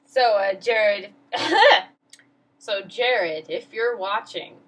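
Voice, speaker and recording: A woman's voice: medium pitch, extremely slow, poor audio. A teenage girl vlogging, telling a story in a rambling, flustered, self-mocking way. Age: teens. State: emotional. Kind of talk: casual storytelling vlog.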